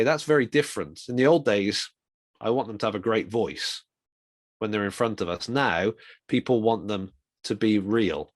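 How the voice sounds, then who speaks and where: A middle-aged man giving an informal, reflective talk on communication for ministry, with quick asides. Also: mid-range voice, no echo, clean studio sound. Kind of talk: conversational talk.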